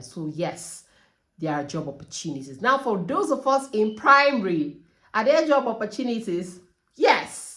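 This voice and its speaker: A woman vlogging casual question-and-answer advice as a trainee teacher, earnest and emphatic, repeating key points and laughing now and then. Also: lowish voice.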